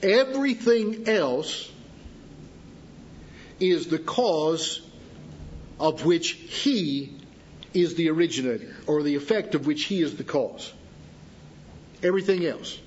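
A man preaching a sermon, teaching slowly and deliberately with pauses for emphasis. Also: on the high side, lively intonation, a little mellow, a little hiss or hum. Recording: dull lo-fi sound.

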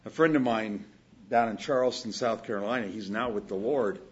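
A man preaching a sermon as a pastor, pleading with his listeners and swinging between loud exhortation and quiet storytelling. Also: on the low side, a little fast, breathy edge, highs cut off.

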